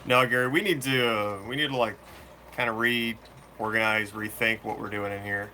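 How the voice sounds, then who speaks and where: A man hosting a fishkeeping channel, chatting casually and answering viewer questions live in a relaxed, slangy way. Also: on the low side, moderate pace, a little hiss or hum. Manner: laid-back, slangy, chatty. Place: room full of fish tanks.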